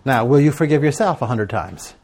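A man's voice: medium pitch, expressive, a little fast, a little mellow, husky. A middle-aged man giving a sermon to a live audience, telling stories and asking rhetorical questions in a conversational way. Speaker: preacher teaching on prayer and journaling.

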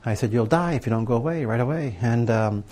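Man, middle-aged, sermon, conversational, rhetorical questions, mid-range pitch. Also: fast, a little mellow. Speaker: preacher teaching on prayer and journaling. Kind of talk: sermon to a live audience.

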